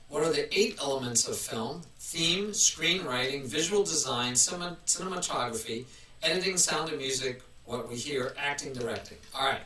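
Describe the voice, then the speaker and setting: A man's voice: medium pitch, pushed and bright. A man hosting a casual live stream, chatting in a rambling way and restarting his sentences often. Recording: roomy, mic at a distance.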